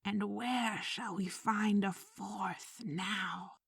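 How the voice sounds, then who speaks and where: Woman doing a quiet, grieving gentleman. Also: medium pitch, steady tone, extremely slow, gravelly, breathy edge, full character voice. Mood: subdued.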